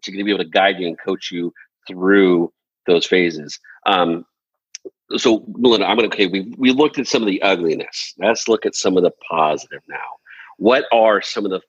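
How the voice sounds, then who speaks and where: Man, interview host, deep voice, husky, earnest, restarts often, dull lo-fi sound. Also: no echo. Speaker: podcast host. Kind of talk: casual interview.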